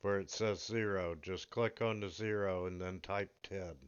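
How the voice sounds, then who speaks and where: Smooth low-voiced man explaining the controls. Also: steady tone, moderate pace, dry recording, highs cut off. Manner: helpful, explains where to click. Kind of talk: online tabletop game chat.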